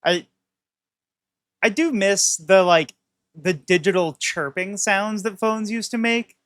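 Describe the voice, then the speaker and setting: A woman's voice: medium pitch, takes it slowly, no room sound, studio quality. A woman streamer giving casual game commentary with wry, chatty, sarcastic asides. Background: faint game music.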